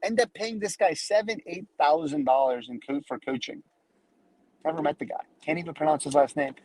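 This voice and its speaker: Male business coach, husky, lively and casual, live online session. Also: a little high, a little fast, no echo, poor audio. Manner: casual, energetic, acts out quoted people.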